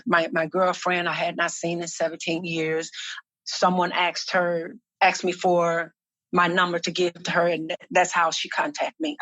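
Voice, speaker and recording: A woman minister and activist sharing her personal testimony in a podcast interview, speaking earnestly and slowly, often repeating herself as she gathers her thoughts. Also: on the low side, fairly bright tone, dry recording.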